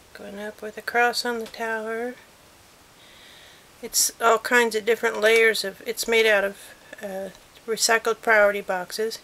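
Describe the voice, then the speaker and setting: A woman's voice: mid-range voice, a bit bright, a little hiss or hum. A woman chatting casually as she films a handmade miniature at home on a handheld digital camera, with frequent apologetic asides. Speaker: crafter showing a handmade miniature. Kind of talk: casual show-and-tell vlog. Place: cluttered room at home.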